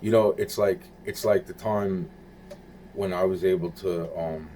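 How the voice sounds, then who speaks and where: A man's voice: low voice, fairly even intonation, unhurried, warm tone, slight background noise. A man talking in a rambling, repetitive monologue, swearing and searching for words.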